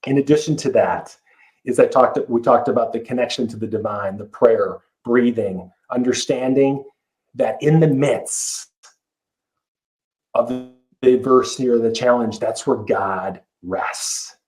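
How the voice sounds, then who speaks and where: A man's voice: mid-range voice, a little slow, darkish tone, poor audio. A middle-aged man, a life coach guest on a podcast, talking earnestly and emphatically with frequent restarts. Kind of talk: podcast interview.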